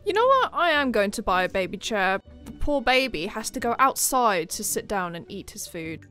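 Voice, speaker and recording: A woman giving casual gameplay commentary, chatty and excitable, with sudden shrieks of surprise. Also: mid-range voice, moderate pace, soft background music. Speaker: game commentator.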